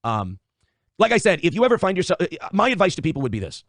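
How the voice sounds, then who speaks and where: A man's voice: high voice, huge pitch swings, fast, fairly bright tone, dry recording. A man in a casual livestream monologue, blunt and profane, often circling back to the same points. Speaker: streamer.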